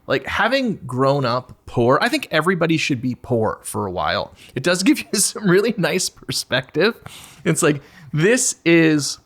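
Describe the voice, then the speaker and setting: A man in his forties with a slightly high voice, talking candidly as a podcast guest. His pitch swings widely as he speaks, and he breaks into exaggerated mock voices to make a point. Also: normal speed. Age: 40s. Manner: animated, puts on high mock voices to act out asking for attention. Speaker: guest musician.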